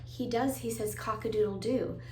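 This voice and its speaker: A woman's voice: fairly high pitch, steady tone, moderate pace, slight background noise. A woman teaching a children's music lesson. She talks straight to the kids, encouraging, sing-song, and sometimes breaks into song and animal sounds. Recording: roomy echo.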